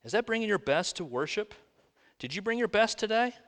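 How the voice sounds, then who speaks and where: Pastor, male, high-ish voice with wide pitch swings, rhetorical sermon delivery, recorded in a reverberant sanctuary. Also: brisk. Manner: lively preaching with rhetorical questions. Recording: long reverb of a large room.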